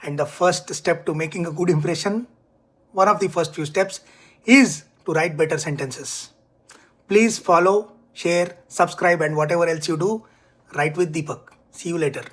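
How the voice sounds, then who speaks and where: Man with a high voice, emphatic writing-coach delivery for an online lesson. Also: a bit bright. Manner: clear, emphatic, deliberate teaching delivery. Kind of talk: scripted online English lesson.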